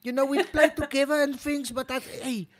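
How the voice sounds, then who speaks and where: A man hosts a friendly chat, gushing over his guest. He repeats phrases and trips over words while praising. The delivery is loose and warm in wording. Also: extremely high pitch, steady tone, normal speed. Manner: effusive, repetitive "you know what". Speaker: host. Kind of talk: casual interview chat.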